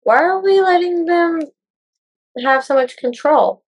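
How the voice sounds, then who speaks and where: A woman's voice: extremely high pitch, animated, measured pace. A woman joining a friend in casual chat, asking questions and wondering aloud. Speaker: co-host friend.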